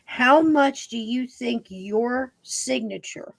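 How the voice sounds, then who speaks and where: A woman's voice: fairly high pitch, slow, creaky. A woman hosting a podcast interview, talking emphatically and speaking directly to her listeners. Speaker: podcast host.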